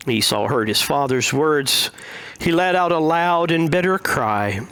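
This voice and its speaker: A male pastor preaching a sermon, speaking in a measured, deliberate way with frequent pauses. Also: a little high, lively intonation, a bit bright.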